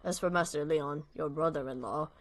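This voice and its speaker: A sorrowful old male butler from a game, speaking in measured, old-fashioned sentences at a middling pitch, voiced by a streamer reading aloud. He is formal and deferential, weighed down by his age. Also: natural voice. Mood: solemn.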